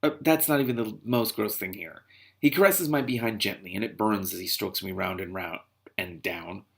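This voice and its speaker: A low-voiced man with a gravelly edge, reading a novel aloud chapter by chapter. He keeps stopping to add exasperated, sarcastic remarks in his own voice. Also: normal speed, fairly bright tone. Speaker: reader and commentator.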